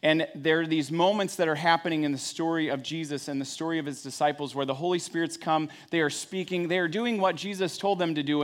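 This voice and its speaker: A pastor delivers a sermon in a relaxed, conversational manner, mixing storytelling with wry everyday asides. His voice sits a touch high for a man.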